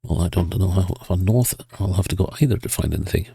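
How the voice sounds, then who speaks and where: Deep creaky guy, stuffy nose, chatting through a game, thinking out loud. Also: quick pace, no room sound, clean studio sound. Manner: thinks aloud, hesitant, chuckles. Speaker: video game player. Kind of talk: casual gameplay commentary.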